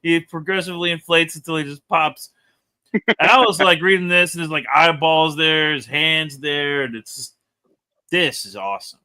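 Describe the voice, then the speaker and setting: Bright-voiced man chatting about comics. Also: fairly high pitch, moderate pace, clean tone. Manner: animated, laughs often, rambling asides. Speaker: comic book reviewer. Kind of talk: casual review chat.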